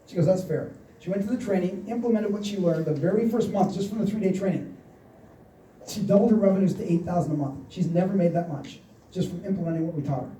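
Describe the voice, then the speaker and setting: This seminar speaker, a man in his forties, tells stories in a motivational talk and performs the quoted dialogue himself. He speaks fast in a high, mellow voice. A slight hiss or hum is present, and the distant mic picks up the echo of the hall.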